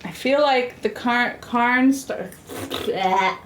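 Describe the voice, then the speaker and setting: A woman's voice: a little high, drawn-out words, a little hiss or hum. A young American woman chatting casually with viewers while she cooks, sassy and rambling with lots of fillers. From United States. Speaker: streamer cooking and chatting with viewers. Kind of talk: casual live-stream chat.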